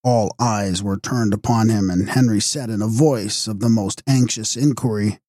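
A man narrating a gothic horror audiobook in a measured, dramatic way. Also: on the low side, steady tone, warm tone, dry recording, studio quality. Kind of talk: scripted narration.

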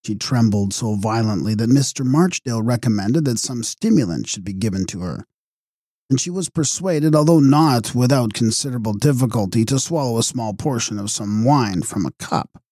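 Man narrating a horror audiobook, measured and dramatic, dark mellow voice, dry close mic. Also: medium pitch, expressive, no room sound. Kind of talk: scripted narration.

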